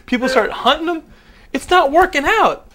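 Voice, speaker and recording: A man's voice: extremely high pitch, animated, moderate pace, a crowd in the background. A young man hosting a podcast, telling a story animatedly, acting out voices, swearing and laughing. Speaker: podcast host. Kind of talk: casual chat.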